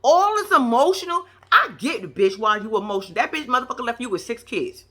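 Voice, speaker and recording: Brash, bright-voiced woman ranting. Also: fairly high pitch, fairly quick, breathy edge. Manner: brash, profane, animated storytelling. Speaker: reality TV commentator. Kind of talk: casual reaction commentary.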